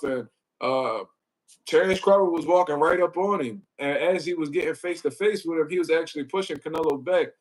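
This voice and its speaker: On poor audio, a man with a fairly high-pitched voice runs a laid-back boxing livestream. He says hello to chat, rambles in foul-mouthed slang, keeps dropping "you know what I mean," and moves his desk mic nearer.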